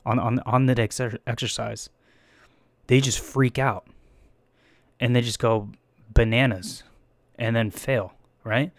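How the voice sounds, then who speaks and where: A man's voice: medium pitch, steady tone, slow, long pauses, no room sound. Rambling, profane young man telling a story. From San Francisco Bay Area. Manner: rambling, profane, laughs at himself, quotes his own panicked thoughts. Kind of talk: casual storytelling vlog.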